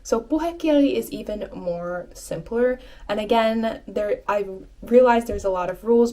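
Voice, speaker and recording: A woman giving an online language lesson, patiently repeating phrases slowly and clearly and encouraging her learners. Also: mid-range voice, darkish tone. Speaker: language teacher.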